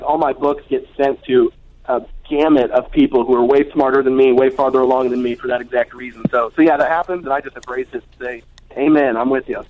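A man in his twenties, a guest author speaking over the phone, earnest with many restarts. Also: medium pitch. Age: 20s. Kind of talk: phone interview. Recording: dull phone line.

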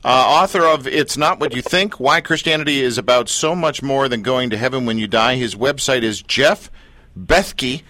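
A man's voice: medium pitch, normal speed, few pauses, bright, forceful tone, no echo. A male radio show host interviewing a guest in a joking, teasing way, laughing often.

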